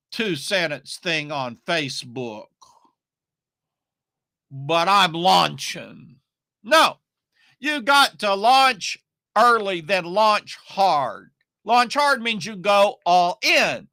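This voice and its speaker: A man speaks on a live stream in an emphatic, folksy way and hammers his points through repetition. His voice sits high and sounds bright and forceful. The sound is close and dry, with no room echo. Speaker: online marketing teacher.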